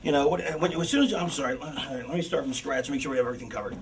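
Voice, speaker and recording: A man's voice: medium pitch, racing, distant mic, slight background noise, low-quality recording. A man backstage walking through a planned wrestling match, rambling and profane, with many fillers and restarts.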